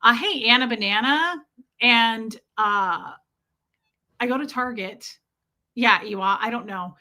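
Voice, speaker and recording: Animated, bright-voiced woman streamer. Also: on the high side, slow pace. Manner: animated, exasperated, chatty. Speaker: live stream host. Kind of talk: casual live stream storytelling.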